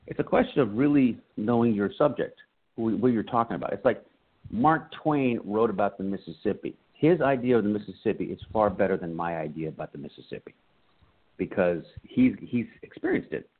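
This American comedian and writer is a guest in a casual interview, telling stories with animation and putting on voices for the people he quotes. His low, husky voice moves at a brisk clip. The audio is thin and narrow, like a phone call.

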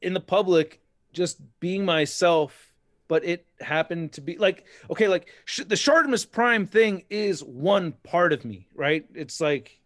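A man in his thirties, a guest on a casual podcast, telling rambling, excitable stories with many restarts. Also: sits high, unhurried, no room sound, clean studio sound. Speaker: podcast guest, toy collector. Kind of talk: casual chat.

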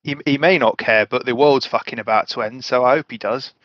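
Earnest player on a dull mic. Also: male voice, medium pitch, fairly quick, no room sound. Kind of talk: playing a character in a tabletop game.

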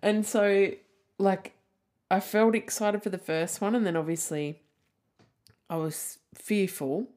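A woman's voice: medium pitch, steady tone, takes it slowly, long pauses, a little mellow. A woman in her thirties hosting a solo podcast, rambling candidly with lots of "like" and the odd swear word. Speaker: podcast host. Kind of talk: casual solo podcast chat.

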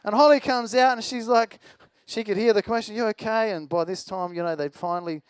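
A man's voice: high-pitched, fairly quick, clean tone, dry recording. A man preaching a sermon in a conversational, storytelling way, with a self-deprecating personal anecdote.

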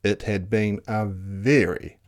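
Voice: low-pitched, steady tone, slow. A storyteller reading a children's picture book aloud with lots of expression, dropping into animal sounds.

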